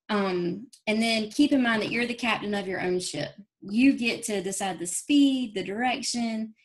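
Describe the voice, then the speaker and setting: A woman's voice: medium pitch, darkish tone. Woman, motivational speaker, folksy and earnest, call audio. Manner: folksy, earnest, fast-moving pep talk. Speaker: guest speaker on a team training call. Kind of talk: motivational talk. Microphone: phone or call audio.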